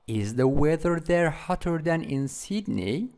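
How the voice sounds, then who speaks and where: A man's voice: fairly high pitch, animated, a little slow, darkish tone. A male teacher reading a schoolgirl's part in a textbook dialogue, in plain read-aloud style.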